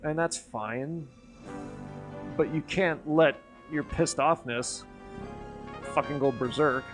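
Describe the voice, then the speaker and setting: Soft music plays in the background as a man with a fairly high voice slowly rambles through a profane story on his stream. He's a few drinks in and tipsy, and he grows more animated as he gets worked up in this casual storytelling chat.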